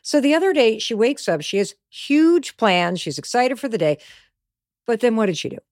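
Animated woman hosting a motivational podcast. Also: on the high side, normal speed, dry recording, clean studio sound. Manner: emphatic, animated storytelling with stressed key words. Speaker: podcast host.

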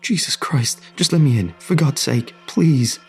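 A man's voice: lowish voice, normal speed, a little mellow, slightly rough, soft background music. A man voicing a terrified young man who whimpers and begs to be let in. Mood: frantic. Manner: desperate, whimpering, begging.

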